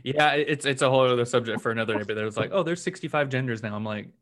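A man's voice: mid-range voice, rapid-fire, fairly bright tone. A man hosting a podcast, chatting casually in a loose, rambling way full of fillers. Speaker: podcast host.

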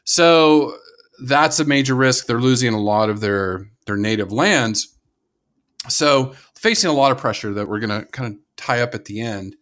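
A man's voice: mid-range voice, expressive, moderate pace, a bit bright. A man with an American accent co-hosting a casual conservation podcast, talking enthusiastically and rambling, with many restarts and laughs. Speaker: podcast co-host.

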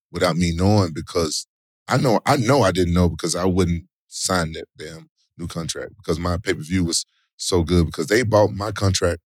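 Animated low-voiced man telling stories. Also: no room sound, clean studio sound. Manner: animated storytelling, loud exclamations, slangy. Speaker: interview guest, former fighter and actor. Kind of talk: casual interview talk.

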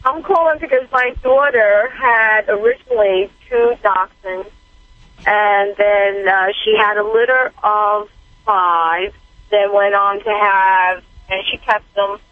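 A man calling in to a radio show, speaking hesitantly with many pauses and fillers. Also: high voice, steady tone, no echo. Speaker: caller. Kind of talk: phone-in call. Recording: tinny phone line.

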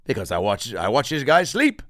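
A man's voice: medium pitch, wildly swooping pitch, moderate pace, a bit bright, no echo, clean studio sound. Man doing a sneering candy store clerk. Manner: mocking, sneering. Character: crude rude male candy store clerk.

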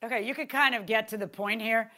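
Woman judge, quick and sharp, cuts right in, no patience for rambling. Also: fairly high pitch. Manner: blunt, cuts in to steer the speaker. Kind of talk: courtroom questioning.

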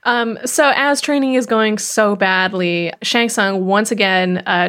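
A woman's voice: medium pitch, a bit bright. Woman recapping a movie in casual chat. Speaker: podcast co-host.

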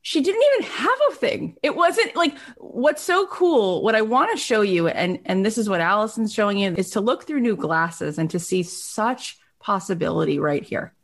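A woman hosting a talk, effusive and praising, with lively swings in pitch. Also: unhurried. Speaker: host. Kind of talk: enthusiastic interview talk.

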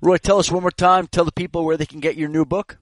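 A man's voice: a little high, flat delivery, fast talker, dry recording. A man hosting a radio interview, asking direct questions and giving brief acknowledgments. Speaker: radio show host.

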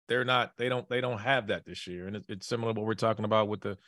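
A man talks fast through college basketball takes, often stumbling and restarting mid-sentence. His voice sits on the low side and is recorded close and dry. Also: steady tone, a bit bright, no echo. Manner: fast, halting, frequent restarts. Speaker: basketball analyst. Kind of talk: casual sports podcast chat.

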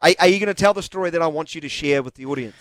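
A man's voice: fairly high pitch, rapid-fire, no echo. A man, hosting a radio show, bantering playfully and cutting in with teasing questions. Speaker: radio host. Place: radio studio.

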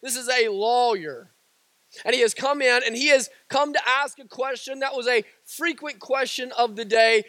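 A man's voice: very high-pitched, normal speed, a bit bright, no echo. A man preaching a sermon with passion, driving points home through repetition and casual asides.

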